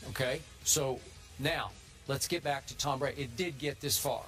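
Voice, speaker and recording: A man hosting a sports debate show, building his argument point by point in a lively, pressing way. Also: mid-range voice, moderate pace, soft background music.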